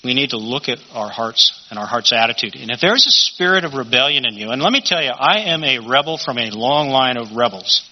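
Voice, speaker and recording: A man's voice: mid-range voice, expressive, fairly quick, few pauses. A man teaching a Bible study in a conversational sermon style, often asking rhetorical questions. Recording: dull lo-fi recording.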